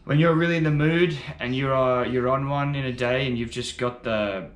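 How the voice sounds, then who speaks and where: A man's voice: medium pitch, moderate pace, roomy sound. A man giving casual, enthusiastic first-reaction commentary on music, rambling a little and swearing now and then. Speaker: music reaction video host.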